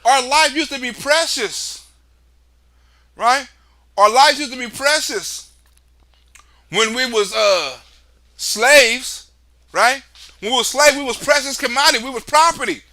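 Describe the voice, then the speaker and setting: A man riffing on a casual political livestream in a loud, excitable, profane way. His voice sits high and sounds sharp and very bright. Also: a little slow, long pauses. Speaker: livestream host.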